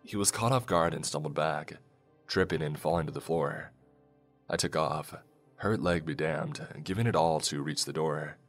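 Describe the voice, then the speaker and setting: A man narrating a first-person horror story in a measured, storytelling way. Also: extremely low pitch. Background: faint music.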